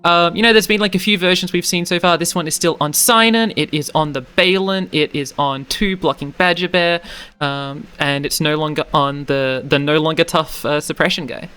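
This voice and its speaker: A man co-casting a live esports card game tournament, walking through deck lists in an analytical, relaxed way. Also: fairly high pitch, moderate pace, clear, resonant tone. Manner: analytical, relaxed, chuckles along. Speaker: esports caster.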